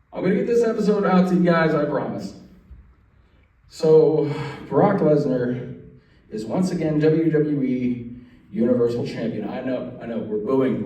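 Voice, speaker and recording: A man's voice: mid-range voice, dark tone. A young man hosting a wrestling show, ranting in playful mock outrage and then apologizing. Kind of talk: animated solo wrestling commentary. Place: event center room. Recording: very echoey room, mic far off.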